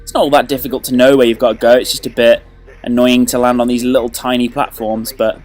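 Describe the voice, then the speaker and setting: A man hosting a video game walkthrough, joking and playful, with sudden excited outbursts. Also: medium pitch, quick pace, faint music behind. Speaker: let's play host.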